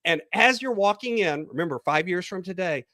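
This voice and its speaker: A man's voice: high-pitched, animated, moderate pace, pushed and bright, no room sound. A man, a coach, guest on a podcast interview, leading a guided visualization in a storytelling manner.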